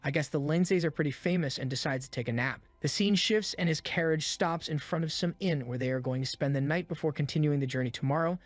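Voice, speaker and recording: A man's voice: fairly high pitch, fast talker, hardly any pauses, no room sound. A man narrating a comic story recap in a laid-back, slangy, wry way.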